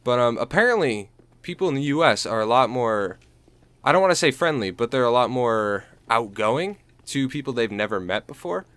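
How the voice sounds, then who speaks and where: A young man from the United States talks over his game in a loose, rambling way, piling up fillers and restarts. His voice sits at an ordinary middle pitch. It sounds like casual gameplay commentary. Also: lively intonation, normal speed, fairly bright tone, clean tone, no echo. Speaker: gaming YouTuber.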